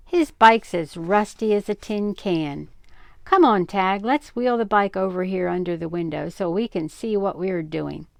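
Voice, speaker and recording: A woman voicing an eager, excitable young boy who is full of excuses, read aloud from a storybook. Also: mid-range voice, gravelly, dry recording, studio quality. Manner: protesting, excuse-making.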